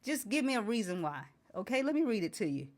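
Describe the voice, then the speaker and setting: This talk show host has a high-leaning, darkish voice with big pitch swings and a quick pace. Talking passionately to camera, she indignantly reads out ingredients and keeps firing rhetorical questions.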